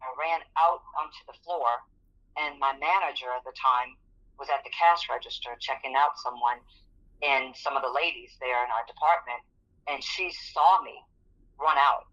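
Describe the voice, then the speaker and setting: A woman's voice: a bass voice, normal speed, fairly bright tone. Woman telling her testimony, lo-fi. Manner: earnest, vivid storytelling that acts out quoted speech. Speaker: interview guest. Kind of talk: personal testimony in an interview.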